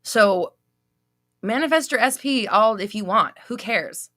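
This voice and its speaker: A woman's voice: fairly high pitch, expressive, unhurried, a bit bright, no room sound, studio quality. A young woman hosting a live Q&A stream, casually reading out viewer comments, blunt and swearing freely, laughing often as she scolds.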